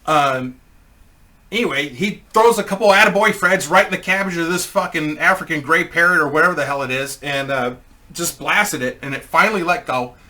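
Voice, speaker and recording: A man with a fairly high, bright, forceful voice tells a rambling comic anecdote. He is crude and casual and laughs along at his own story. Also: fairly quick.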